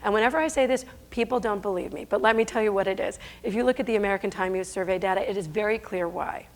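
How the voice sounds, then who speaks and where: A woman's voice: medium pitch, quick pace. Emphatic woman giving a stage talk. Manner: emphatic, rhetorical, with self-corrections. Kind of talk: conference talk. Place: stage before an audience.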